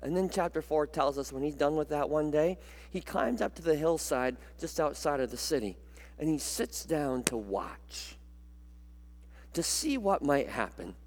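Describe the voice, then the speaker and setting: Brief: male pastor, lively sermon delivery, pitch swings widely, long hall reverb. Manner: animated, repeats words, dramatic pauses.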